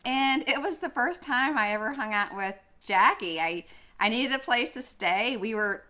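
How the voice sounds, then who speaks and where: A woman's voice: a little high, animated, moderate pace, pushed and bright. A young woman vlogging in a casual, chatty way, gushing, with many fillers and restarts. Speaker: running vlogger. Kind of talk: casual chat.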